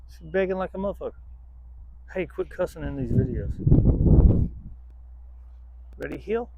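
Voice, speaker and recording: A man's voice: a little high, lively intonation, normal speed, creaky, pauses often, dark tone, slight background noise. A man training a dog outdoors, rambling casually to the camera, swearing freely and breaking off to give the dog commands.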